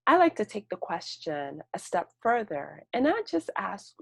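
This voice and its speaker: A woman's voice: mid-range voice, very animated, measured pace, gravelly, fairly bright tone, slightly rough, no room sound. A woman giving a webinar presentation as a clinician, talking in a conversational, storytelling way with frequent fillers. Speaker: presenter, mental health clinician.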